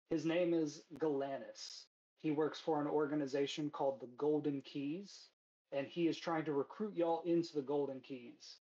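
A man running a tabletop game, narrating in a casual, halting way with many small fillers. His voice is fairly high for a man. The recording is slightly muffled, like voice chat. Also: mellow. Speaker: game master.

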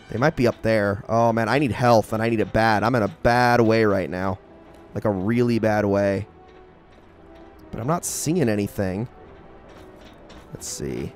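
A young man giving casual, excitable commentary while playing a shooter game, talking to himself and the enemies. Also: on the low side. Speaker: gaming channel host.

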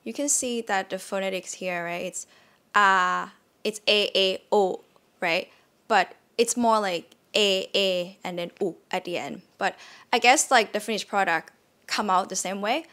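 In a casual online lesson, a woman with a Thai accent repeats words aloud so learners can hear the tones. Her mid-range voice is a bit bright and moves at a normal speed, and she's talkative with lots of fillers.

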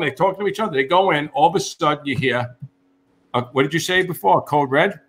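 A middle-aged man with a bright, tense voice that sits a little high. He tells the story in an animated way, filling it with "you know" and "right" and acting out the quotes. It is a casual, profane chat between old colleagues. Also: brisk. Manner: animated, acts out quotes, swears, many fillers. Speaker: podcast host, firefighter.

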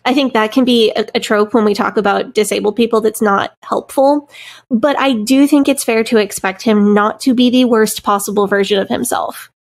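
Female podcast co-host, young adult, slightly high voice, reflective and thoughtful in chat. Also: steady tone, normal speed.

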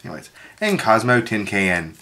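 A woman's voice: very deep voice, very animated, moderate pace, fairly bright tone. A woman chatting casually while opening card packs, rambling through a work story and reading card names aloud. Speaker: card pack opener, co-host. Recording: noisy with wrapper crinkling.

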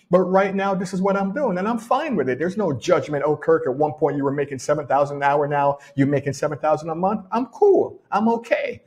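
A middle-aged man with a Jamaican accent gives a casual motivational talk as a personal development coach, repeating his key phrases for emphasis. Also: high-pitched. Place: home in rainy weather.

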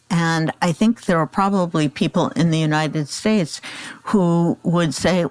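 A woman's voice: fairly low pitch, measured pace, darkish tone, dry recording. A woman hosting a podcast interview, asking thoughtful questions. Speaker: podcast host.

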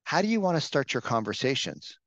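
A man's voice: mid-range voice, sing-song, fairly quick, fairly bright tone, dry recording. A man leading a sales training session, talking casually and coaching the room with frequent questions. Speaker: real estate sales trainer. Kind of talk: live training session talk.

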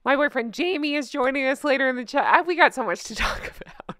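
A woman hosts her own commentary vlog in a bright, forward voice. She chats in a bubbly way and laughs often as she talks to her viewers. The sound is close and dry, with no room around it. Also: sits high, lively intonation, fast, no room sound. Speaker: vlog host.

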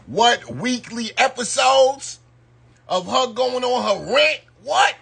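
A man's voice: very high-pitched, expressive, takes it slowly, creaky, fairly bright tone, husky. A man giving loose, slangy live-stream commentary and talking straight to his viewers. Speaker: YouTube commentator.

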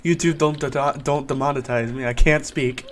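Higher-pitched joking gamer guy. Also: moderate pace, heavy background noise. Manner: joking, mock-serious, chatty with other players. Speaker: gaming YouTuber. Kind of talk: casual gameplay commentary.

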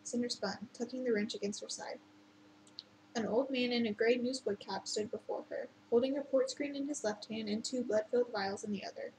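A woman reading a novel aloud at an unhurried pace, with occasional slips and restarts. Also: on the high side, darkish tone, a little hiss or hum, rough recording. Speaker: reader.

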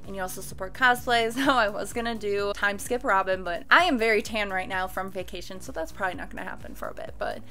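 A young woman doing a casual anime reaction, excitable and quick to gasp and shriek. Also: medium pitch. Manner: excitable, gasping and shrieking in surprise.

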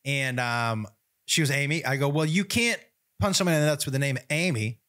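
A man co-hosting a podcast in a studio, telling a story in a casual, animated way and laughing often. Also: medium pitch, brisk. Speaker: podcast co-host, comedian.

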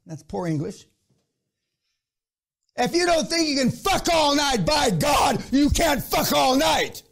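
A man giving an aggressive, profane seminar rant, berating his audience and shouting often. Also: very high voice, very animated, slow pace, vocal fry. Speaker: business seminar speaker.

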